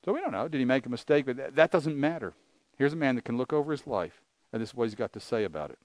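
A man's voice: medium pitch, big pitch swings, quick pace, darkish tone, no room sound. An older man preaching a sermon, earnest and conversational, asking his listeners rhetorical questions. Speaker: pastor.

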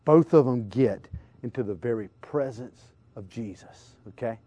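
A man preaching a lively youth sermon, slangy and full of questions to his listeners. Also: mid-range voice, unhurried, lo-fi sound. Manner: acts out crowd voices, slangy, calls out questions to listeners. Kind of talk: animated sermon.

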